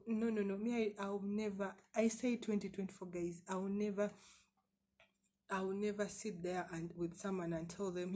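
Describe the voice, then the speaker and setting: A woman's voice: medium pitch, fairly even intonation, moderate pace, warm tone. A woman vlogger telling her personal story to camera in a candid, emphatic way, often repeating words and asking rhetorical questions.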